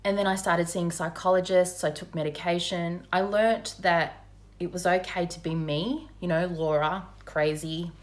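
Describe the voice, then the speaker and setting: A woman's voice: lowish voice, steady tone, unhurried. A woman telling her personal story in a frank, conversational way, with many fillers. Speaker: mother sharing her recovery story. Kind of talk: candid personal testimony.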